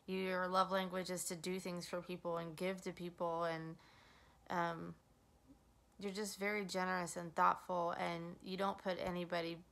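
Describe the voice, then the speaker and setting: A middle-aged woman speaks through tears in a heartfelt birthday video for her sister. Her voice is low and gravelly with vocal fry, and she rambles emotionally with plenty of ums. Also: little pitch movement, normal speed, a bit bright. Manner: emotional, rambling with many fillers. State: tearful. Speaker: younger sister.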